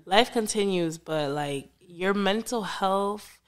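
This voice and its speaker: A woman's voice: mid-range voice, takes it slowly. A young woman, a podcast guest, chatting casually and rambling with frequent restarts. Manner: rambling, restarts often, laughs a lot.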